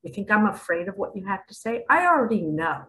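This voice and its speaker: A woman giving a dramatic preaching monologue to camera. She asks rhetorical questions and swings between hushed asides and loud exclamations. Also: medium pitch, sing-song, fairly quick, low-quality recording. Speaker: self-styled spiritual guide.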